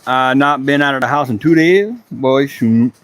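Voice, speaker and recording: A man's voice: mid-range voice, normal speed, slight background noise. A man from Charleston with a Gullah Geechee accent, chatting casually and swearing now and then as he talks to livestream viewers while working in his woodshop. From Charleston, South Carolina. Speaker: woodworking livestream host.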